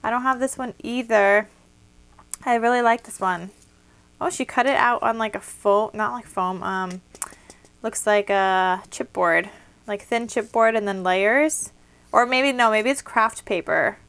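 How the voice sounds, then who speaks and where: A woman's voice: a little high, unhurried, a bit bright, clean tone. Chatty young woman gushing over crafts. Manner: chatty, gushing, many fillers. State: out of breath. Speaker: craft vlogger. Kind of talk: casual unboxing chat. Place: home craft room at a desk.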